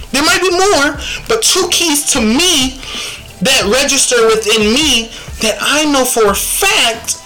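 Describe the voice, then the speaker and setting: A woman hosting a faith podcast, speaking earnestly and reflectively, quoting scripture and pausing to think aloud. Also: high-pitched, pushed and bright, rough recording. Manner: earnest and reflective, quotes scripture, slow deliberate delivery. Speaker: podcast host.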